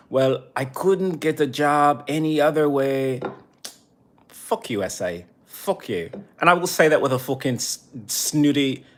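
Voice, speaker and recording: A man streaming live, ranting in a heated, profane way and turning sarcastic as he reads the chat. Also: medium pitch. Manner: sarcastic when reading chat. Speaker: livestreamer. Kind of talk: angry livestream rant.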